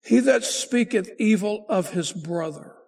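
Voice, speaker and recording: Raspy high-voiced preaching pastor. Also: male voice, lively intonation, darkish tone. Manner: preaching with emphatic rises and slow drawn-out phrases. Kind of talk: sermon.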